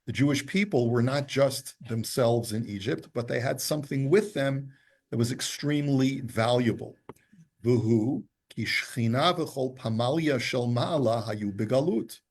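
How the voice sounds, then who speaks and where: Gravelly, husky-voiced male Torah teacher. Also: medium pitch, a little slow. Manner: reads Hebrew text then explains it; patient, explanatory. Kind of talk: Torah class lecture.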